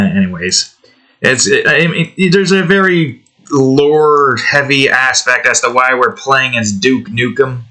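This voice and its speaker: Here the young drawing-series host sounds bright and forceful at a medium pitch. While working he talks casually and rambles, often self-correcting and trailing off mid-thought.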